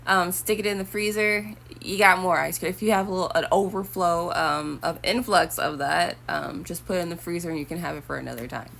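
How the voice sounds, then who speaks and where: A woman's voice: on the low side, brisk, gravelly, few pauses, a bit bright, slight background noise. A young woman talking casually to her viewers, rambling and chatty with preachy asides. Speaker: vlogger. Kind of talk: casual talk to camera.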